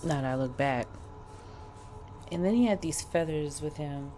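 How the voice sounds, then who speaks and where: A woman vlogger telling a personal story to the camera in a chatty, expressive way, talking straight to her viewers. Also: deep voice, moderate pace, noisy background.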